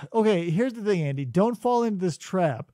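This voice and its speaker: A man's voice: high voice, expressive, normal speed, mellow, dry recording. A man co-hosting a casual comedy podcast, telling a story with dry, mock-logical reasoning. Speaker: podcast co-host.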